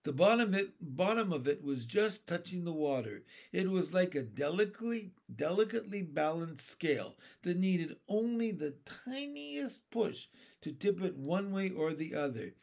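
A man reading a children's book aloud in an expressive, unhurried way. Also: high-pitched, vocal fry. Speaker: storyteller.

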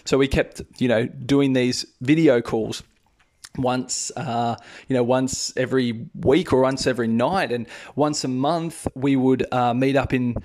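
An Australian man in his thirties, a podcast host and English teacher, telling a personal story in a chatty, animated way. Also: measured pace. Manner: chatty, animated, raises pitch for quoted voices. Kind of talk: casual storytelling.

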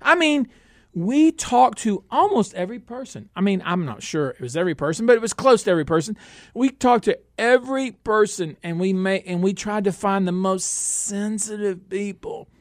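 A man hosting a comedic radio talk show, boisterous and jumping between loud bursts and low asides. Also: brisk, dry recording, studio quality. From Northeast Texas.

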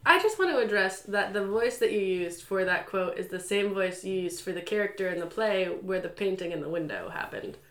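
A young woman co-host chats in a teasing, wry manner. Her pitch is middling but lively and varied. The recording sounds roomy. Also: fairly quick, few pauses. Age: young adult. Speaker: podcast co-host. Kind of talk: casual chat. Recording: roomy echo.

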